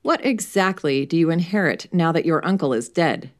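A woman voicing a calm male police inspector who asks his questions evenly and precisely. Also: deep voice, moderate pace. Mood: probing.

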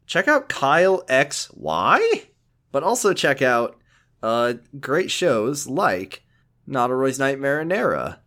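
A man co-hosting a podcast banters playfully, his pitch swinging up and down with lively expression. It is relaxed, joking talk between friends. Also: takes it slowly. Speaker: podcast co-host. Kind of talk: casual podcast chat.

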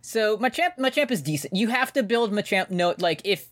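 A man's voice: sits high, animated, moderate pace, fairly bright tone, dry recording. A man co-hosting a podcast, chatting casually and rambling with frequent swearing. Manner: rambling, laid-back, swears often. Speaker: podcast co-host. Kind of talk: casual chat.

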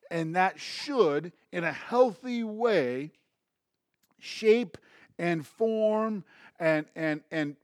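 A man's voice: high-pitched, no echo, studio quality. A male pastor preaching a conversational sermon, often restarting phrases and checking in with the congregation.

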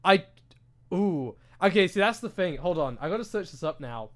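British guy, young, high-pitched, casual podcast rant, swears a lot, desk mic. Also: normal speed. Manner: animated, ranting, heavy swearing and filler words. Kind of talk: casual chat. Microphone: desk microphone.

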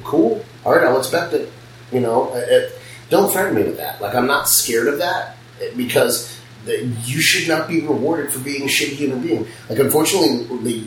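Brief: quick-talking, foul-mouthed shop owner chatting, miked from a distance in a roomy space. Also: male voice, medium pitch, slight background noise. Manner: blunt, profane storytelling. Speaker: piercing studio owner. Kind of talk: casual podcast chat. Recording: roomy, distant mic, faint ambience.

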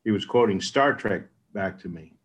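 Low-voiced man telling a story. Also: animated, moderate pace, breathy edge. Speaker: meeting participant. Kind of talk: storytelling remembrance.

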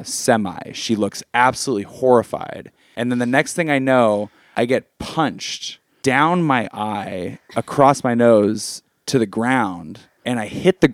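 A man's voice: on the low side, no echo, clean studio sound. A man telling a story casually among friends, laughing often and swearing freely.

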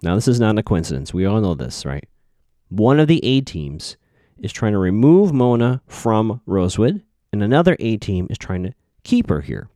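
Casual male recapper, lowish voice, dry close sound, muses and self-corrects. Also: big pitch swings, normal speed, dark tone, no echo. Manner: thinking aloud, self-correcting, musing. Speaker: TV episode recapper.

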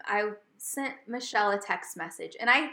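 Podcast lady telling a story, bright kinda high voice, lots of laughs, echoey room. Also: moderate pace. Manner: animated, laughing often, gets loud when retelling. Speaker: podcast co-host. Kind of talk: casual chat, storytelling.

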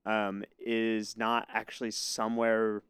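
American male podcast co-host, smooth and resonant, dry close sound, measured delivery. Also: fairly low pitch, completely flat delivery, fairly bright tone, dry recording. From United States. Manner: thoughtful, measured, hedging with "like" and "um". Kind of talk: casual music discussion.

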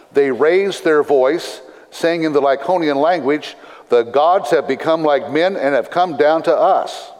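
Brief: male pastor, slightly higher voice, measured scripture reading, long hall reverb. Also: a little mellow. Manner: measured, deliberate reading with dry asides.

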